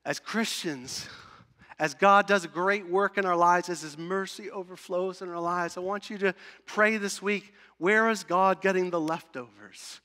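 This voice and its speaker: A man preaching a sermon as pastor, emphatic, swinging between loud and hushed and asking the congregation questions. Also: high voice, normal speed, in a large hall. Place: church sanctuary.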